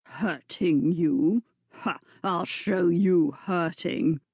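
A woman voicing a menacing, hot-tempered male nobleman villain who speaks slowly in low, hissing half-whispers in a storybook reading. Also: a little mellow, slightly rough, dry recording, exaggerated voice. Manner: slow, hissing, often half-whispered threats.

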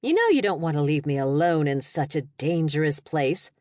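A woman's voice: sits low, sing-song, moderate pace, a little mellow, no room sound, clean studio sound. A woman voicing a teasing, theatrical young woman friend on a phone call in an audiobook, playing up mock drama.

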